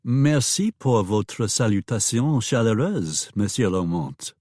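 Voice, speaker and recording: A man voicing a refined young wife on the frontier, soft and polite, in an audiobook. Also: on the low side, expressive, measured pace, no echo, clean studio sound. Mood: gracious.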